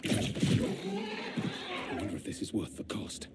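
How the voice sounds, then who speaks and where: Brooding fantasy game hero, terse lines, slow drawl with wide swings. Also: male voice, fairly low pitch, wildly swooping pitch, heavily acted. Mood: grim. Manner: grim, terse one-liners. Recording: game audio under loud noise.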